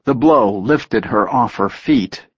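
A man reading a story aloud in a steady, measured narration. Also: fairly low pitch, breathy edge, no room sound, dull audio. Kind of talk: audiobook narration.

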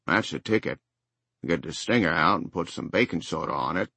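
Drawling Down East old-timer in his seventies, low and easygoing, as a male narrator puts him on. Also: lively intonation, creaky, sharp tone, breathy edge, no room sound, heavily acted. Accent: Down East Maine. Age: 70s. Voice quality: slow drawl.

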